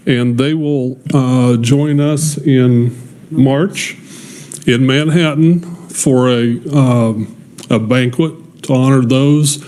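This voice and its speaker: A man's voice: medium pitch, warm tone. A man speaking as a state representative at a committee hearing, earnest and slightly apologetic. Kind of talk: committee floor remarks. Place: legislative hearing room.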